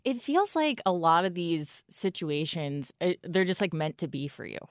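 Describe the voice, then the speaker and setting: A woman's voice: on the low side, very animated, moderate pace, no room sound, studio quality. A woman hosting an interview, encouraging her guest and laughing along. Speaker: podcast host, interviewer. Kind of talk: casual interview.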